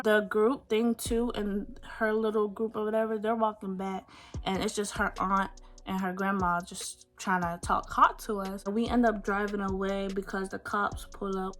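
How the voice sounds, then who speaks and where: An eighteen-year-old woman from Pennsylvania telling a storytime vlog in an animated, emphatic, indignant way, full of slang, recorded on a phone. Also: mid-range voice. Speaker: vlogger.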